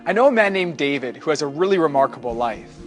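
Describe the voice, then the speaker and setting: A man presenting a scripted video lesson in a clear, explanatory way. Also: on the high side, sing-song, fast, soft background music.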